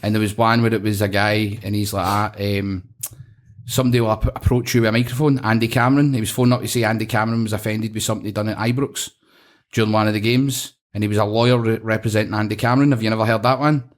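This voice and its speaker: A man's voice: lowish voice, fast. Scottish man telling sweary stories. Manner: swearing, animated storyteller acting out phone calls. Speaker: podcast host. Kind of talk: casual chat.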